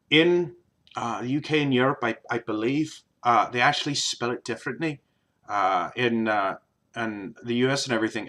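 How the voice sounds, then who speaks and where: A man's voice: mid-range voice, normal speed, sharp tone. A man vlogging in a casual, rambling way, with many ums and uhs. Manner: rambling, many fillers and restarts. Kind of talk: casual vlog chat.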